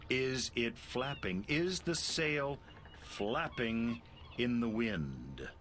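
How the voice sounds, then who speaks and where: An actor voicing a gruff, sarcastic male sea captain in a video game, drawing out his mocking questions. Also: mid-range voice, sing-song, measured pace, sharp tone, slight background noise.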